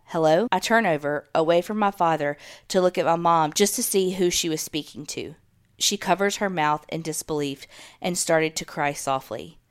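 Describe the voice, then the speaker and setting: A woman hosting a podcast, reading a listener's true story aloud in a steady storytelling manner with dramatic pauses. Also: lowish voice, clean tone. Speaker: podcast host.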